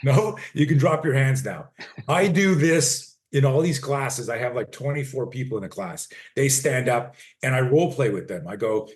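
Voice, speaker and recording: His voice sits on the high side, animated and somewhat dark in tone, moving at a moderate pace. The speaker, a personal defense coach in his sixties, gives an interview in a blunt, emphatic style, cursing freely and staging quick role-play scenes to teach.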